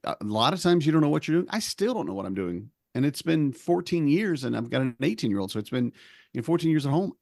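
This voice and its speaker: Man, 40s, podcast host, animated storyteller, dry close sound. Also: on the high side, fast, gravelly, no echo. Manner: animated, acts out quoted voices. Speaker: podcast host, stay-at-home dad. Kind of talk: casual podcast chat.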